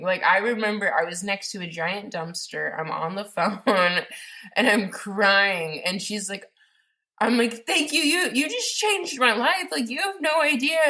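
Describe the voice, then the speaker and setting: A woman's voice: deep voice, vocal fry, a bit bright. A woman guest on a podcast, telling her story in a rambling, casual way with many fillers and restarts.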